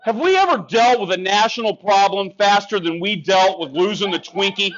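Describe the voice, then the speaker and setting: A man's voice: sits high, normal speed, fairly bright tone, lo-fi sound. A man doing a stand-up comedy set on a club stage, sarcastic and ranting at the crowd. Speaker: stand-up comic.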